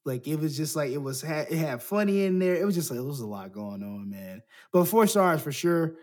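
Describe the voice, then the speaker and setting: A man's voice: fairly high pitch, expressive, a little fast, darkish tone. A man chatting casually about a movie as podcast co-host, with rambling, slangy talk. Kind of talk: casual movie review chat.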